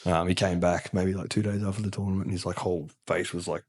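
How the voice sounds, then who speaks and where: A man's voice: low-pitched, flat delivery, quick pace, a little mellow, husky. An Australian man, a guest on a podcast, telling blunt, swearing stories with laughs in a casual chat.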